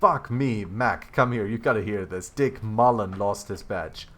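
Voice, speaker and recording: A man voicing an impatient, foul-mouthed male police officer who swears loudly. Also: on the low side, measured pace. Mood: exasperated. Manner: loud and swearing.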